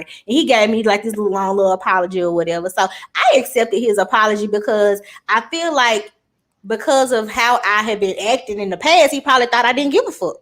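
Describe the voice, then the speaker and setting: A woman co-hosting a podcast, telling a personal story in animated, casual chat full of swearing. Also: medium pitch, brisk. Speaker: podcast co-host.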